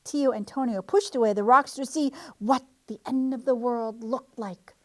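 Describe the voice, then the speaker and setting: A woman reading a picture book aloud for storytime, in an expressive way. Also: a little high, moderate pace. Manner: expressive, animated. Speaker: library storytime reader.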